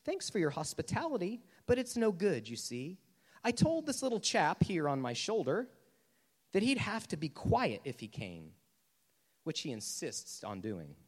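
A man's voice: on the high side, wildly swooping pitch, a little slow, big-room sound, full character voice. A man voicing a fretful male ghost who pleads and makes excuses during a story reading. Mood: apologetic. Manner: flustered, pleading, making excuses.

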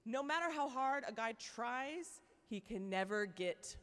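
A young woman gives a lively, joking faith talk to a room of women. Her voice sits fairly high, and her speech is loose and chatty with many likes and okays. Long reverb from a large hall trails behind her. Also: a little slow. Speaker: speaker at a Christian women's event.

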